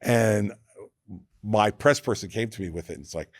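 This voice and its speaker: A New man in his sixties spins political war stories as a podcast guest. He acts out everyone he quotes and often doubles back mid-sentence. His voice sits on the low side and is recorded dry and close. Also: normal speed, no echo. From New Jersey, USA. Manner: animated anecdote teller who acts out quoted people, with frequent restarts. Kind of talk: casual storytelling in conversation.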